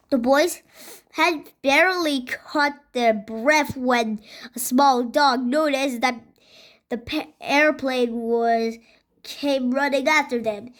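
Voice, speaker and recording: A woman reading a children's book aloud, halting and restarting over slips. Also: high voice. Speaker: reader.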